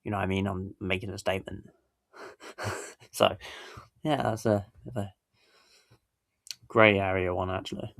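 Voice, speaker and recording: A man's voice: low voice, steady tone, unhurried, pauses often, fairly bright tone, no echo, clean studio sound. A man hosting a casual reaction video, rambling and correcting himself with little chuckles. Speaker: YouTube reaction host.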